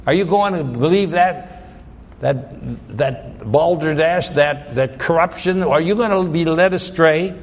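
A man's voice: fairly high pitch, a little slow, big-room sound. A man preaching a sermon, pressing his point with emphatic rhetorical questions. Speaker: pastor.

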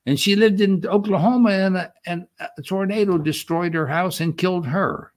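An older man preaching a sermon, reading scripture aloud with slow, emphatic stress and explaining it in a halting way with many restarts. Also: sits high. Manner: unhurried, halting with frequent restarts and fillers; reads quoted verses with slow emphatic stress. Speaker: pastor.

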